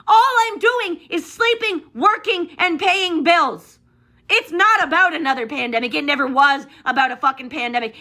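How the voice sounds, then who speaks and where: A woman delivering a profane, exasperated rant to camera, firing off complaints in rapid bursts. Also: high-pitched, pushed and bright. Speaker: ranting video creator.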